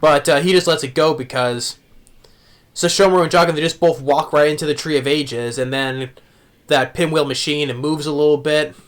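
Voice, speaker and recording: A man's voice: a little high, fairly even intonation, normal speed, fairly bright tone. A man casually recapping an anime episode, rambling with many restarts and fillers. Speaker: anime reviewer.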